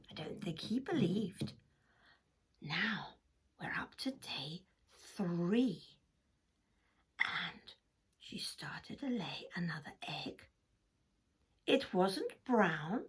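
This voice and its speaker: Slow breathy woman storyteller, dramatic whispers, children's tale. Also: medium pitch.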